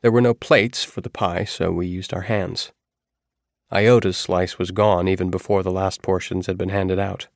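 A man narrating a first-person audiobook in a steady, measured way. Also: sits low, gravelly, no echo, studio quality.

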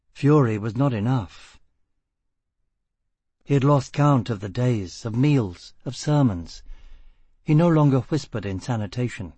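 A man narrating a novel in a measured, dramatic voice with steady pauses. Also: medium pitch, slightly rough, no echo. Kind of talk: audiobook narration.

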